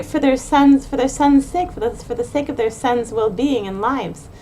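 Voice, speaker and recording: Earnest woman doing a pep talk, kinda high voice, keeps restarting, faint hiss behind. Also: darkish tone. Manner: earnest, repeats and restarts phrases, rushes in bursts. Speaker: podcast host giving a pep talk to mothers. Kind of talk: unscripted monologue.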